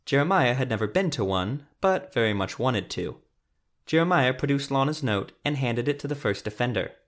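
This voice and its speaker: A male narrator reads a fantasy story in a measured, steady way. His voice sits in the middle of a man's range and keeps an even pace. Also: mid-range voice.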